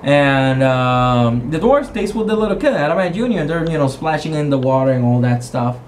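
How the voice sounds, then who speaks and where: Recapping a tabletop roleplaying session, this male game master talks in an animated, rambling way and keeps restarting his sentences. His voice runs on the high side at a moderate pace, and a little hiss or hum can be heard.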